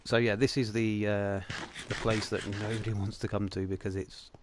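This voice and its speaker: A young man hosts a game livestream in casual, rambling commentary. His voice sits a little low, and he keeps the talk light and jokey. A faint hiss runs under the recording. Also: flat delivery, normal speed. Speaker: livestream host.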